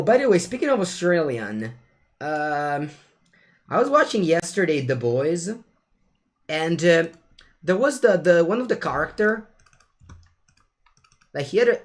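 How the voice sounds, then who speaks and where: A young man with an Italian accent chatting casually with viewers while streaming a card game. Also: on the high side. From Italy. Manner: chatty, animated, switches between English and Italian phrases.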